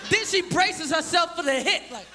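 A man doing a stand-up comedy routine, loud and profane, shouting his punchlines. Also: very high voice, lively intonation, normal speed. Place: live comedy venue with audience. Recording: loud crowd and noisy live recording. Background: crowd laughing.

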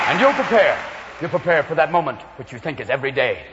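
A manic male stand-up comedian with a very high, lively voice, shouting and leaping between voices. He is heard on a dull, lo-fi live recording in a large reverberant hall, with a crowd clearly behind him. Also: quick pace, heavy background noise. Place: large venue with a live audience.

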